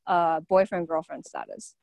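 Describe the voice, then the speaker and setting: A woman hosting a casual chat, blunt and quick to swear, filling her speech with "like". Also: sits low, wildly swooping pitch, vocal fry, a little mellow, no room sound. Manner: blunt, swears freely, lots of "like".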